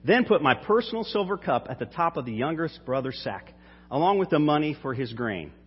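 A man's voice: fairly high pitch, very animated, fairly quick, slightly rough. A man reading aloud as a stern, powerful ruler giving orders, in a firm, commanding manner. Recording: dull hall reverb.

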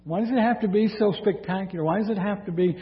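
Man preaching, high voice, dramatic scripture reading, dull muffled sound. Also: fast. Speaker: pastor. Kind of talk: sermon. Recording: dull sound with long hall reverb.

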